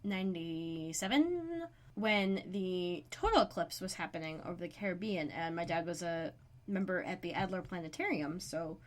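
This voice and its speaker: A woman's voice: fairly low pitch, normal speed. Blunt wisecracking woman co-host. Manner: blunt, wisecracking, swears casually. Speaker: podcast co-host. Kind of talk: casual chat.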